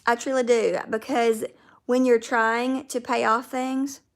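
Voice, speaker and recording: Southern lady chatting on her livestream, kinda high voice, lots of vocal fry, calls out viewers by name. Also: level tone, measured pace. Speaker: livestream host. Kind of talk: casual livestream chat reading viewer comments.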